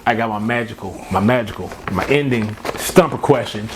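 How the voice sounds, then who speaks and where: A man's voice: lowish voice, normal speed, background noise. A man co-hosting a casual chat, a military veteran who talks in a laid-back, slangy way and laughs often.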